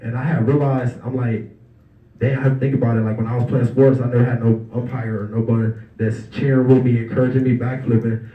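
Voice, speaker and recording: A young man speaks to a banquet crowd in a relaxed, conversational way, slipping into the voices of the people in his stories. His mid-range voice sounds distant from the mic and echoes around a large room, with a dull, muffled tone. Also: mid-range voice, fast. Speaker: guest speaker at an awards banquet. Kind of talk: casual storytelling speech. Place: banquet hall. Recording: roomy, distant, dull hall recording.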